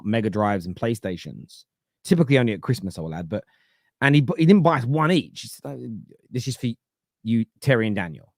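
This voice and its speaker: A man in his thirties hosting a casual football chat, animated and laughing often, repeating words for emphasis. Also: mid-range voice, no room sound, clean studio sound. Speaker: football podcast host. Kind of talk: casual live-stream chat reading comments.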